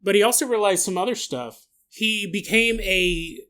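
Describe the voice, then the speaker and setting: Bright-voiced, laughing podcast host. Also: mid-range voice, moderate pace. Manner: laughs often, mock-outraged, jumps into silly voices for people in the story. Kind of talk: casual storytelling with comic asides.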